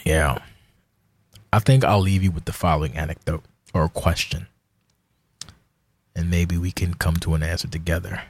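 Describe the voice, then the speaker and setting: A man's voice: sits low, steady tone, moderate pace, pauses often, breathy edge. A man hosting his own podcast, ranting alone in a heated, profane, rambling way. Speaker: podcast host. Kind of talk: casual solo rant.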